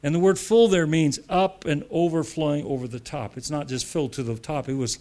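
A man's voice: a little high, brisk, a little mellow. A man preaching a sermon with emphatic repetition, laughing between points.

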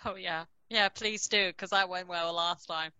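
A woman's voice: lowish voice, steady tone, unhurried, pushed and bright, smooth, dull audio. A woman co-hosting a podcast, bantering in a teasing way and laughing often. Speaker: podcast co-host.

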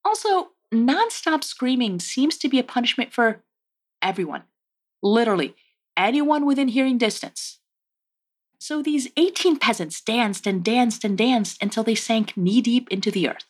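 A woman's voice: on the high side, lively intonation, normal speed, slightly rough. A woman hosting a casual history podcast, telling the story with wry, joking asides. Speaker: podcast host.

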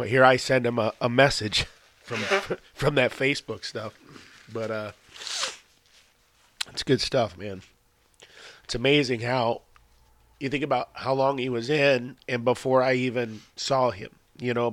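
Relaxed man hosting a casual interview. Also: medium pitch, measured pace, slight background noise. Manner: affirming, relaxed, laughs easily. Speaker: podcast host.

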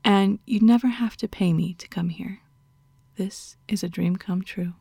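Woman voicing a dominant lady doctor, whispered role-play, dark husky tone, bossy, dry close sound. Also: medium pitch, a little slow, no echo. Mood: teasing. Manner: bossy, scolding, half-whispered. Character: stern dominant female doctor, mocking and commanding.

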